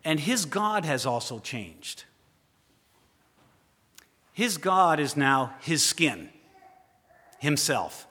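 A man preaching a dramatic sermon with a bright, forceful tone. He fires questions at his listeners and drops to a hush for effect. His voice rings with the long reverb of a large hall. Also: a little high, very animated, extremely slow, long pauses. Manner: dramatic, questions the listeners directly, swings from loud to hushed.

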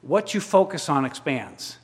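A pastor with a slightly high, very animated voice preaches at a measured pace. He reads scripture and remarks on it through pointed rhetorical questions, with the long reverb of a large hall around him.

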